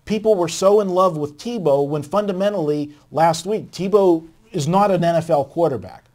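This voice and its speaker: A man's voice: a little high, moderate pace, darkish tone. A man, a guest sports handicapper, talking through his reasoning at length in a conversational way. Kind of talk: sports betting debate.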